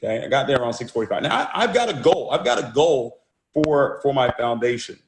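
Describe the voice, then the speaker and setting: A man's voice: medium pitch, expressive, fast, noisy background. A man giving a motivational talk and telling a story, speaking energetically and often repeating words as he restarts phrases. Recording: roomy echo.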